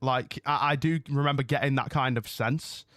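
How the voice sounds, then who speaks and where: A man's voice: mid-range voice, fairly even intonation, moderate pace, fairly bright tone, dry recording. A man chats through a live watch-along stream from his room, rambling loosely from one point to the next. His voice sits in a middle register and is recorded close and dry, with no room sound. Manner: rambling and chatty, loses his train of thought. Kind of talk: casual live-stream chat. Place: home room.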